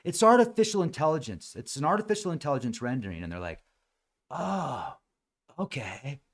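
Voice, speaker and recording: A man hosting a podcast in a casual, rambling monologue, sarcastic and prone to mimicking gullible people, talking with a dry mouth at high altitude in the mountains. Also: wildly swooping pitch, rapid-fire. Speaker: podcast host.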